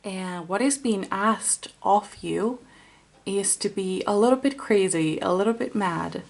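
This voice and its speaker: A woman giving an intuitive tarot reading to camera, gentle and musing, with many fillers and restarts. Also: mid-range voice, a little slow, creaky. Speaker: tarot card reader.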